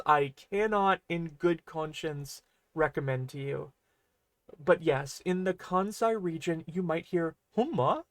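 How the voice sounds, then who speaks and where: A man teaching an online language lesson in a casual, chatty way. His voice sits a bit high, and it springs up on the example words he highlights. The recording is dry and close, with no room echo. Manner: chatty, explanatory, with lively pitch jumps on example words.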